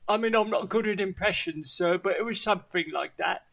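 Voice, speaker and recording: A meek manservant, as a man plays him in a tabletop game, hesitant and endlessly deferential. His voice sits high and bright with a gravelly edge. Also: fairly quick. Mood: sheepish. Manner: meek, hesitant, says sir constantly. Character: timid, deferential male manservant.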